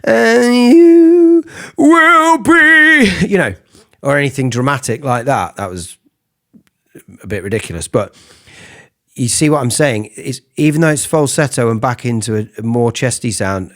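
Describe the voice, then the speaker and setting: A man giving a casual singing lesson, explaining vocal technique between falsetto sung examples. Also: normal speed. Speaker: singing teacher.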